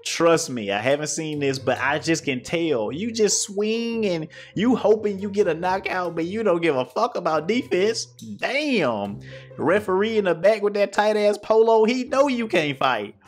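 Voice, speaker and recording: A man hosting a reaction video, trash-talking in a profane, mocking, excitable way, his voice going hoarse. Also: sits high, normal speed, soft background music. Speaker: YouTube reaction host. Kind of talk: casual reaction commentary.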